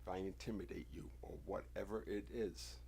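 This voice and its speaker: A man from the United States hosting a livestream, giving an insistent, confrontational monologue with deliberate, emphatic phrasing. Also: low voice, steady tone, creaky, darkish tone, a little hiss or hum. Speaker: livestream host.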